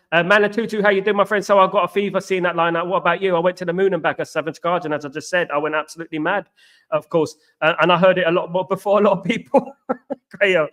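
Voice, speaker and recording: A man hosting a live football watchalong, chatting fast and repeating himself while greeting viewers by name. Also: on the high side, fairly bright tone. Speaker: watchalong host. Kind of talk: live stream chat.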